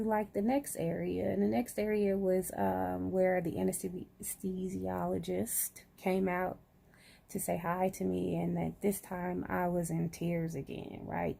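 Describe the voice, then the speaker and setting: A woman's voice: on the low side, gravelly, mellow, slightly rough. A woman chatting casually to camera, groggy after surgery, sprinkling "y'all" through her talk. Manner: chatty, says "y'all" often. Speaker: vlogger.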